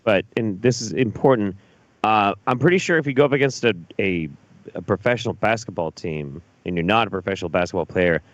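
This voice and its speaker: A man's voice: lowish voice, a little fast, dry recording, muffled recording. A male host chatting casually about clips, blunt, profane and openly incredulous. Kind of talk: casual chat reacting to clips.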